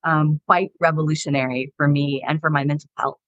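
A woman from the Southern US, a guest author on a podcast, telling lively anecdotes in casual conversation. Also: sits low, a little fast, no room sound, muffled recording. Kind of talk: casual interview storytelling.

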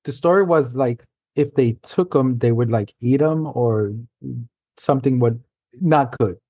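A man from New York City, a guest author, telling stories in a halting, loose, casual way. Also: medium pitch, darkish tone, dry recording. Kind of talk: casual conversation.

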